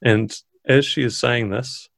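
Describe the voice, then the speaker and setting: A man, narrating a tabletop game as dungeon master in a measured, descriptive way. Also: medium pitch, fairly even intonation, creaky, a bit bright, dry recording.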